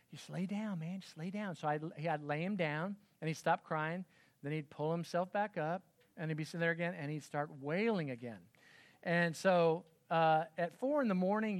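A man in his forties delivers a sermon to parents in a loose, chatty way, often pausing to check in with the room. His voice sits a little high for a man. The sound is dry and close, with no room echo. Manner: conversational, self-deprecating storytelling with frequent "okay?" check-ins. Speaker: pastor.

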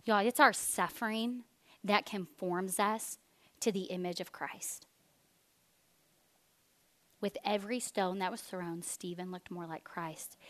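A woman, preaching a sermon as an animated storyteller who drops to a hush for weighty points. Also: medium pitch. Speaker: speaker.

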